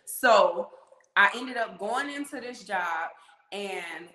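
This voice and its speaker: A woman telling a story in casual podcast chat, animated and blunt, acting out the voices of people in it. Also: mid-range voice, slow. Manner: animated, acts out quoted voices, swears. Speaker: podcast guest. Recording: roomy echo.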